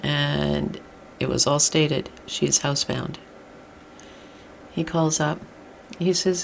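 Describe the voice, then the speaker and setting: A middle-aged woman delivers a blunt, exasperated rant with a gravelly, creaky edge to her voice. She speaks at an ordinary mid pitch for a woman. A faint hiss of noise sits under her voice. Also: takes it slowly. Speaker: vlogger. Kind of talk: ranting monologue.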